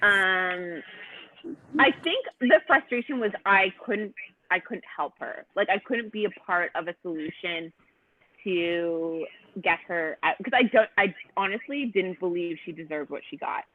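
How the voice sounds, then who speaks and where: A woman's voice: fairly low pitch, measured pace. Chatty woman on tinny audio. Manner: animated storyteller, many fillers. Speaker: guest contestant. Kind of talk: casual podcast chat.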